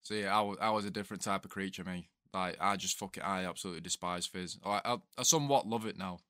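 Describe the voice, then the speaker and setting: A man's voice: low voice, quick pace, fairly bright tone, no echo. A man, an ex-soldier co-hosting a podcast, telling laid-back sweary army stories in casual chat.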